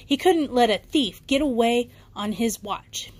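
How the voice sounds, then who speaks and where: A woman's voice: on the high side, expressive, unhurried, darkish tone. A woman reading a children's bedtime story aloud, with occasional small slips and restarts.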